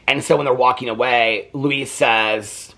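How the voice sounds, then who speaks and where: A man's voice: mid-range voice, steady tone, measured pace, pushed and bright. A man in his fifties hosting a casual movie review vlog, talking in a chatty, rambling and heartfelt way. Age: 50s. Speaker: host.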